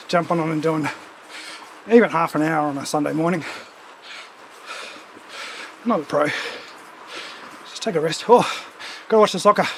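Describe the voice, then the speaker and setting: A man's voice: a little high, vocal fry, slight background noise, rough recording. Chatty man with a runny nose. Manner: rambling, chatty, with offhand asides. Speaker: streamer hosting a cycling ride-along. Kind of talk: casual chat while riding.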